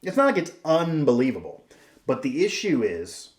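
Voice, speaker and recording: A man's voice: fairly high pitch, wildly swooping pitch, normal speed, reverberant. A man hosting a sports show, giving emphatic, rambling opinion commentary with frequent restarts.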